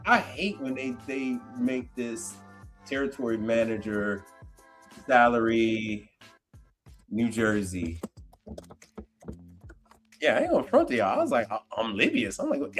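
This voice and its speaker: A man hosting a casual livestream, animated and slangy, laughing often as he reacts to comments. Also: medium pitch, a little slow, long pauses, soft background music. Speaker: livestream host.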